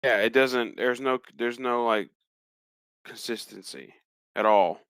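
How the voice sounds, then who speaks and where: A man's voice: mid-range voice, measured pace, fairly bright tone, clean tone, no room sound. A man co-hosting a podcast in casual chat, joking and a little hesitant. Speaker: podcast co-host.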